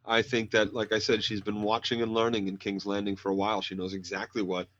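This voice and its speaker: A man's voice: fairly low pitch, level tone, fast talker. Male co-host on a dull lo-fi line. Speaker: podcast co-host. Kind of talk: casual chat. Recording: dull lo-fi sound.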